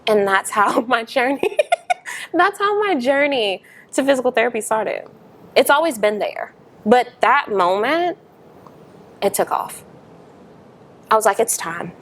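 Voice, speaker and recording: A young woman, a podcast guest, telling her story in a casual interview, animated and emphatic, laughing often. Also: on the high side, a little slow, pauses often.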